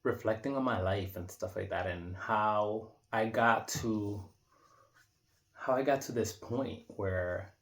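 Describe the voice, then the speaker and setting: A man's voice: fairly low pitch, slow, fairly bright tone. A man in his thirties talking casually and reflectively in an unscripted monologue, rambling with many restarts and fillers. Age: 30s. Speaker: vlogger. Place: indoor room.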